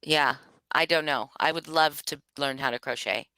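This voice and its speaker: A woman's voice: deep voice, normal speed, pushed and bright, dry recording, poor audio. A tired woman chatting casually on a livestream, swearing freely and laughing at herself. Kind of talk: casual chat.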